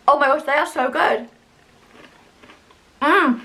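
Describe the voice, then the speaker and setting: This UK vlogger, a young woman, reviews snacks with casual enthusiasm and lots of filler words. She speaks slowly in a high, sharp-toned voice, leaving long pauses.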